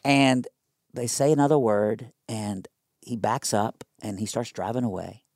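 A young man telling a personal story in a casual interview, animated and conversational with lots of fillers. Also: medium pitch, unhurried, no echo, clean studio sound.

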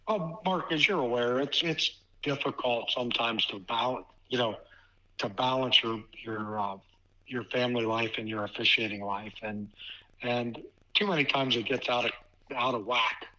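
A man in his fifties from Ohio, a basketball official guest telling a personal story in a halting way, often repeating words. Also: medium pitch, sharp tone, poor audio. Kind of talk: casual storytelling interview.

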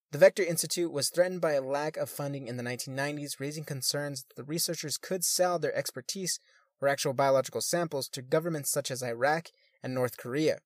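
A man's voice: fairly high pitch, no echo, studio quality. A man reading news articles aloud and adding crude, swearing comments between them, sometimes stumbling over words.

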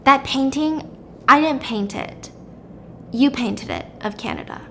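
A woman's voice: high-pitched, unhurried, pushed and bright, slight background noise, pitched above the performer's own voice, heavily acted. A woman voicing a husband who explains away his lies, hesitant and pleading. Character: husband, soft-spoken, excusing his lies.

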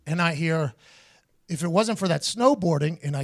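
Host, male, higher voice, animated storyteller who swears and does the voices of others. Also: fairly quick. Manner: animated, acts out others' voices in his stories, swears freely. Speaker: podcast host. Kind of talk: casual storytelling.

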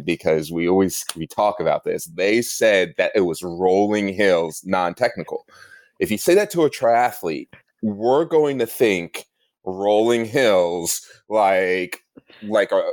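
A young man with a low, deep voice talks about racing in a loose, rambling way. He corrects himself mid-sentence and often laughs between phrases. The sound is dry and close to the mic. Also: no room sound. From Northern California. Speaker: guest athlete. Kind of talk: casual interview talk.

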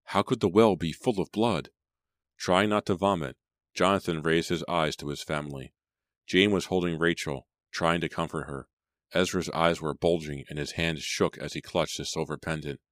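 A man narrating a storybook in a steady, measured way. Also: low-pitched, no echo, studio quality. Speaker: audiobook narrator. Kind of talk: scripted audiobook narration.

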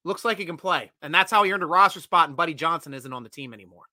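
Bright, high-voiced excited male fan host. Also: racing, no room sound. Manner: energetic, chatty, bursts of loud excitement. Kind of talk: casual sports chat reading viewer comments.

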